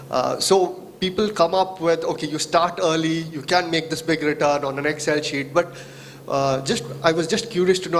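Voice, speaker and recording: A man's voice: fairly high pitch, slight background noise. Hesitant man asking a question. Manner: hesitant, many fillers. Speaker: audience member asking a question. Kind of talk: question from the floor.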